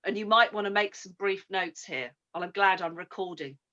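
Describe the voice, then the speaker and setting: A woman giving a coaching talk, who acts out both sides of conversations in an animated way. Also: medium pitch, normal speed. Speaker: sales coach. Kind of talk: coaching talk with a retold phone call. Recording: muffled lo-fi recording.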